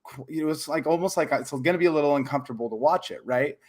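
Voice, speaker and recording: A man co-hosting a podcast in casual chat, excitable and rambling, with many restarts and fillers. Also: on the high side, fast. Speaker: podcast co-host.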